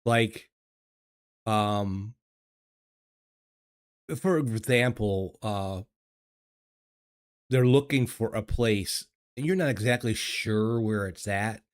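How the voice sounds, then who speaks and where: An older man, hosting a relaxed chat stream from his home studio. His voice sits low, and he talks very slowly. He stumbles over repeated words and chuckles between thoughts. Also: clear, resonant tone, dry recording. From United States. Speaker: livestream host reading chat. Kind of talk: casual chat. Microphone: desk microphone.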